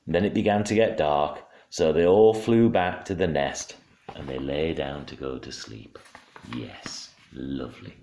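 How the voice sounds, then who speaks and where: A father reading a storybook aloud at home, expressive and hushed in quiet moments. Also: extremely low pitch, measured pace, slight background noise. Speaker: father reading to his child. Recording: roomy home room.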